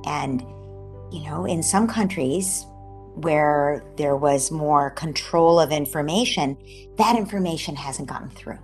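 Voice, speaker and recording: A woman psychologist giving animated, explanatory interview answers over a video call, at times dropping into a soft near-whisper. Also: low voice, measured pace, faint music behind. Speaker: psychologist guest.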